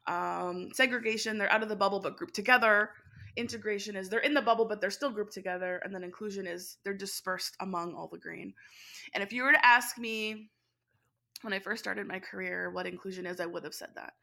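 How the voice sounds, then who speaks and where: Bright-voiced, animated woman. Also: medium pitch, a little fast, gravelly. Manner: animated, laughs often, speeds up when excited. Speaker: education instructor, interview guest. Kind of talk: conversational storytelling.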